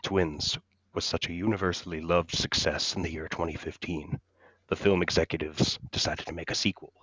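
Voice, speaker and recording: A man's voice: low-pitched, fairly even intonation, normal speed, fairly bright tone, husky, no echo. A man co-hosting a podcast, reading a comedic story aloud in a mock-serious storytelling manner. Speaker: podcast co-host. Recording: dull lo-fi mic.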